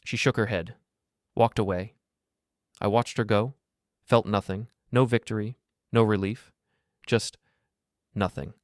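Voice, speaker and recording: A man narrating a first-person story in a flat, detached way. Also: fairly low pitch, a little slow, long pauses, no echo, studio quality.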